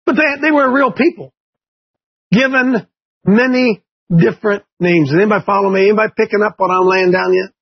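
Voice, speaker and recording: High, husky-voiced folksy male preacher. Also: fairly quick, lo-fi sound. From Ohio. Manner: folksy, quizzes listeners with questions. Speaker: Bible class teacher. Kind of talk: conversational sermon to a class.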